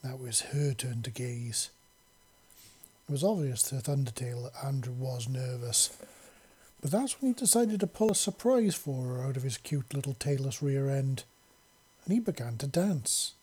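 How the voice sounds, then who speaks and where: A man reading a story aloud at an even, unhurried pace. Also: medium pitch, breathy edge. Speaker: story narrator.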